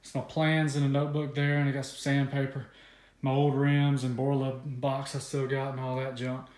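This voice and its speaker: A man in his twenties from the American South, excitedly unboxing car parts in a rambling vlog, a bit out of breath. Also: mid-range voice, moderate pace, roomy sound. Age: 20s. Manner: excited, rambling, many fillers. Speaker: car vlogger.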